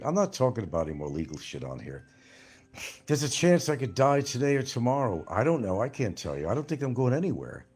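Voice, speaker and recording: A man's voice: mid-range voice, sing-song, fast, darkish tone, slightly rough. A man hosting a casual livestream and answering viewer comments in a blunt, profane, combative way. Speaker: livestream host.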